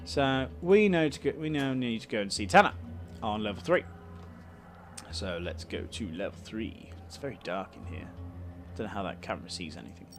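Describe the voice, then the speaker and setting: A man's voice: on the low side, expressive, normal speed, over music. Chatty man commenting on his game. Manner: chatty, joking asides, reads game text aloud. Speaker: let's play host. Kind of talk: casual game commentary and narration.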